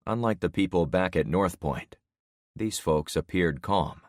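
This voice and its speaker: A man in his sixties narrating an audiobook in the first person with steady storytelling. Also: low-pitched, unhurried, no echo, studio quality. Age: 60s.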